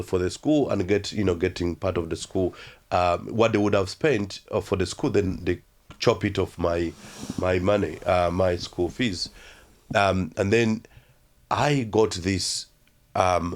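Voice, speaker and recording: A man from Uganda tells his life story in a guest interview, his voice low-pitched. He talks haltingly, stacking fillers and restarting sentences.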